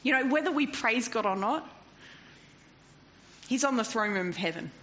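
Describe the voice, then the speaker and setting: A woman preaching a sermon in an animated way, swinging from loud to hushed and often laughing. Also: a little high, moderate pace. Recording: dull lo-fi recording with faint noise.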